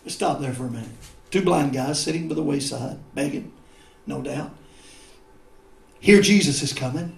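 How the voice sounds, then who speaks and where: A male pastor delivers a fervent sermon in a high, ringing voice. He swings between shouted peaks and low, confiding asides. The sound carries the echo of a large church sanctuary. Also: normal speed, creaky, long pauses.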